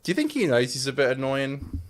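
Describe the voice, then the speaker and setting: A man's voice: mid-range voice, sing-song, brisk. An Australian man co-hosting a podcast, chatting loosely and joking while reacting to clips. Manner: loose, joking, talks over his co-host. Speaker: podcast co-host. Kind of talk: casual chat reacting to clips.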